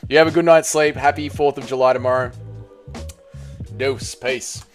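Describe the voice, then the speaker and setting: A man hosting a casual livestream, reading chat aloud, swearing often and excitedly thanking donors. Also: medium pitch, normal speed, soft background music. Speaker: livestream host.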